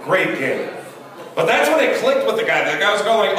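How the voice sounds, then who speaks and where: Animated stand-up man, echoey room. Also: high voice, moderate pace, background noise. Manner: animated storytelling, acting out quoted people. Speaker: stand-up comedian. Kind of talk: stand-up comedy set. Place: comedy venue. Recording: roomy echo from a distance.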